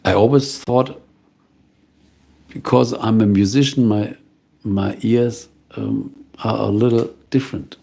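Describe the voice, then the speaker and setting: A middle-aged man, a voiceover artist, talks through viewer comments in a calm, musing, casual live-stream chat. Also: fairly low pitch, slow pace, gravelly, long pauses. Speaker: voiceover artist hosting a livestream.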